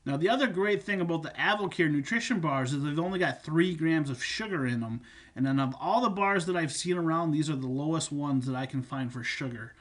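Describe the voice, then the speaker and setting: Brisk and slightly bright, his voice sits a little high as he teaches viewers about supplements and nutrition. He's a fitness coach talking casually, restating points and leaning on fillers.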